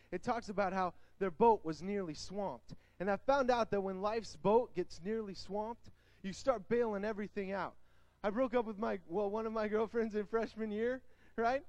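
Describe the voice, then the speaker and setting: Young guy preaching to teens, high voice, dry sound, acts out the story bits. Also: dry recording. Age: young adult. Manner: animated storytelling, acts out quotes. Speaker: youth speaker. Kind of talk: energetic youth sermon.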